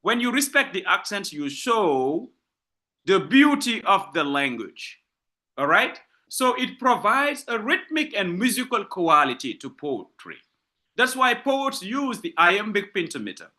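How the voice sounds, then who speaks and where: A man teaching a literature class, explaining patiently and repeating his points. His voice sits high and swings widely in pitch. It has a bright, forceful edge. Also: big pitch swings, unhurried. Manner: repetitive, explanatory, asks and answers his own questions. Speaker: literature lecturer. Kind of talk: university lecture.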